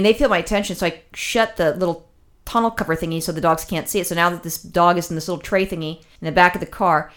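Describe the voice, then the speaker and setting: A woman telling a long personal story in casual chat, rambling with many fillers and restarts, emotional as she recounts it. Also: fairly low pitch.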